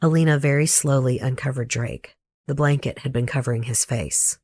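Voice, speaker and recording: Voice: mid-range voice, moderate pace, darkish tone, dry recording. A true crime podcast host with a Southern US accent, reading a scripted case narration with blunt, opinionated asides.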